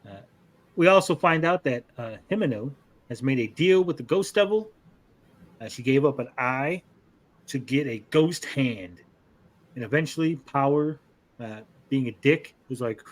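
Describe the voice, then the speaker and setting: A man's voice: mid-range voice, animated, a little slow. Rambling, profane male podcast co-host. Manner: rambling, profane, acts out characters' lines. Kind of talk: casual chat recapping episodes.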